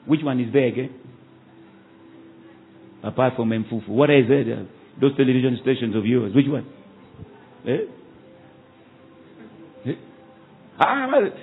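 A man, a pastor preaching a sermon with call-and-response and quick rhetorical questions at a church service. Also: medium pitch, slightly rough. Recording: tinny phone-like sound, faint ambience.

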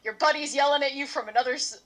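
A woman narrates a tabletop game as its game master, her voice bright and a little high. She keeps it playful and loose and swears now and then. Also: fast.

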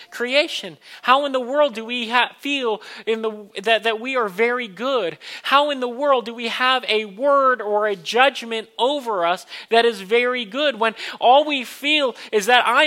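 Guy preaching, pretty high voice, bright and punchy, earnest, keeps pushing questions at the room. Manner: earnest, building to emphatic questions. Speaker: pastor. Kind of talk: sermon.

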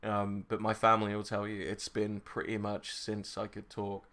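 A man's voice: fairly low pitch, monotone, normal speed, a bit bright. A young man co-hosting a podcast, chatting casually with giggles and swearing. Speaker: podcast co-host. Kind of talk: casual chat.

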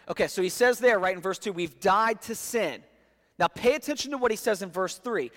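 A man's voice: sits high, normal speed, a bit bright, in a large hall. A man preaching a sermon as pastor, emphatic, often repeating words as he reads scripture aloud.

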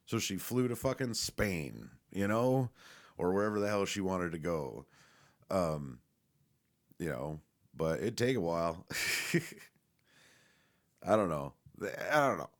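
Deep-voiced and animated, this man rambles through a monologue at a measured pace. Cursing comes easily, he restarts and uses fillers a lot, and frequent laughter punctuates his talk.

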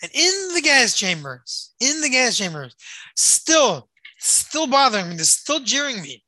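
Very bright-voiced dramatic storyteller, dry sound. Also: mid-range voice, sing-song, a little slow, no room sound, rough recording. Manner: dramatic, repeats phrases for emphasis, rises and hushes. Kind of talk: emotional retold story.

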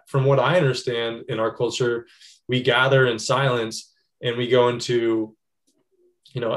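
Earnest, reflective man in conversation. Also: mid-range voice. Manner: earnest, reflective, builds lists of actions. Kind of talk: casual conversation.

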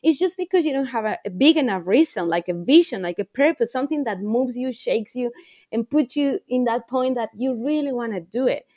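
A woman's voice: a little high, expressive, fairly quick, darkish tone, no echo, clean studio sound. A woman coach speaking as a podcast guest, earnest and reflective, repeating phrases for emphasis. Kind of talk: podcast interview.

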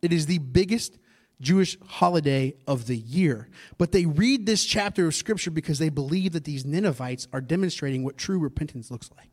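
A man preaching a sermon as pastor, animated, dropping to hushed asides and rising to loud acted-out lines. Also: on the high side, moderate pace. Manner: animated, acts out characters with big swings from hushed to loud.

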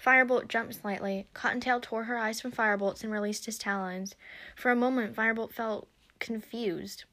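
A woman narrating a story aloud in a steady storybook reading. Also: a little high, normal speed.

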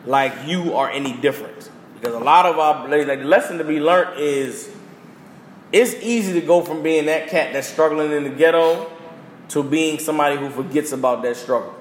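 A young man hosting a podcast, delivering a blunt, emphatic rant full of slang and repeated phrases for punch. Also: medium pitch. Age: young adult. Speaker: podcast host. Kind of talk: heated casual rant. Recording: roomy reverberant room with faint noise.

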